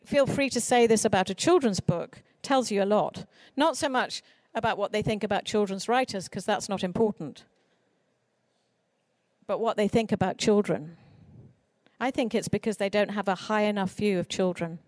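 A woman who writes children's books, giving an earnest, expressive talk on writing for children. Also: medium pitch, normal speed, no room sound, clean studio sound. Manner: earnest, expressive speaker with mock voices for quoted people. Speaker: children's author. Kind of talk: conference talk.

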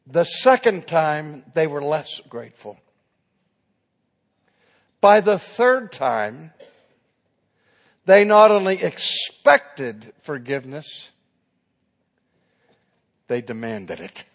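A man's voice: on the high side, big pitch swings, very slow, long pauses, in a large hall. A man preaching a sermon who tells his story dramatically and acts out the dialogue.

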